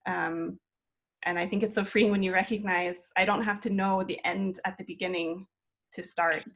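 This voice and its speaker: A woman's voice: lowish voice, fairly even intonation, moderate pace. A woman in her twenties, a flute student, speaking earnestly and encouragingly in a reflective interview conversation.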